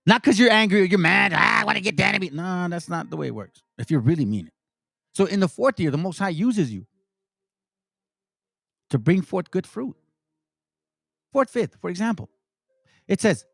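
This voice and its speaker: A man's voice: a little high, dry recording. A man teaching scripture in a casual, slang-laced style, reading verses aloud and explaining them.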